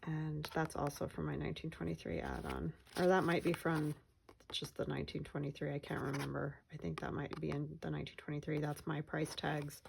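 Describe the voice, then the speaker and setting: A woman with a lowish, gravelly voice gives a relaxed walkthrough of her craft project. She talks in a chatty, meandering way and often trails off mid-thought. A faint hiss sits under her voice. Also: a little fast. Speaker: craft vlogger. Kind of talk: casual journal flip-through narration.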